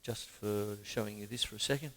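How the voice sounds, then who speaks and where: A man's voice: fairly low pitch, fairly even intonation, a little fast, heavy background noise. An Australian man giving a casual drum lesson, rambling and chatty, counting beats aloud as he plays. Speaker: drum teacher. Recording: long reverb, loud drum kit behind. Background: drum kit playing.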